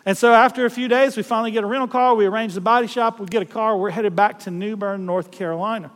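Fast and high-pitched, a middle-aged preacher from South Louisiana works through a narrative sermon in a folksy, animated manner. He performs different voices and laughs at himself, all echoing in a large hall.

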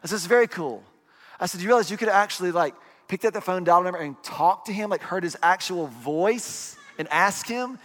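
A pastor in his forties delivers a sermon in an animated, storytelling manner, asking his listeners question after question. His voice sits a little high for a man. The sound carries a long reverb, as in a large hall. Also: brisk, few pauses. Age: 40s.

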